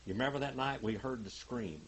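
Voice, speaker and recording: A man's voice: mid-range voice, a little fast, slight background noise. An older man teaching a Bible class, telling stories dramatically and reading Greek aloud word by word. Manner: dramatic, emphatic storytelling with big swings in loudness.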